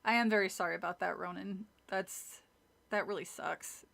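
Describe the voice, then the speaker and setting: Bright-voiced joking woman streamer. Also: mid-range voice, steady tone, moderate pace, gravelly. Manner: chatty, joking, swears, laughs at the story. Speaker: streamer reading a book aloud. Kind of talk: casual live-stream reading and chat.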